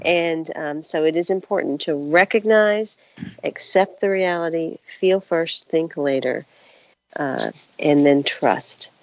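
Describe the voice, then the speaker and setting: Woman, interview host, very low voice, measured and reflective, dry muffled recording. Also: darkish tone, dry recording. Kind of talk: podcast interview.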